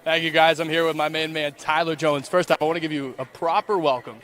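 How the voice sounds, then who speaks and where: A man's voice: a little high, flat delivery, fast talker, a bit bright. Friendly male sideline baseball reporter. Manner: friendly, conversational, casual. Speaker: on-field reporter and color analyst. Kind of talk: sideline interview and game analysis.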